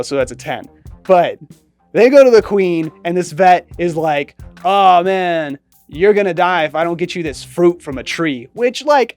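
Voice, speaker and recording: A woman chatting sarcastically as a movie reviewer, animated and mocking, with light music behind. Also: low-pitched. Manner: sarcastic, animated, mimics lines in exaggerated voices. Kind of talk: casual review chat.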